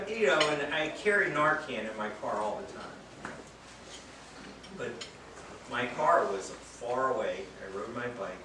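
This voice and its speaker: A man giving a speech at a charity event, telling earnest stories with touches of self-deprecating humor. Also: medium pitch. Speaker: treatment center director giving a speech. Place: event venue, indoors or under a tent. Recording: very echoey, distant from mic, noisy.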